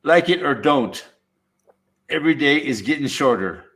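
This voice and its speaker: A man's voice: fairly high pitch, lively intonation, moderate pace, a bit bright, slight background noise. A man in a laid-back casual chat, swearing freely and dropping "man" at the ends of lines.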